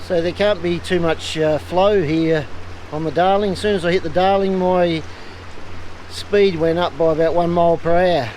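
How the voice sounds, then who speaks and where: Aussie male travel vlogger, relaxed and casual, outdoor camera mic, faint noise. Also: on the high side, normal speed, low-quality recording. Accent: Australian. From Australia. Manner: laid-back, swears casually, many "uh" fillers. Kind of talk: casual vlog narration. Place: outdoors on a river boat. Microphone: handheld camera mic.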